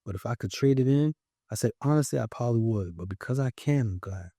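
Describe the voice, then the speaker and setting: Recorded with clean studio sound and no room noise, a young New Yorker speaks fast in a mid-range voice. As a podcast guest casually recounting his story, he gets animated and performs other people's voices.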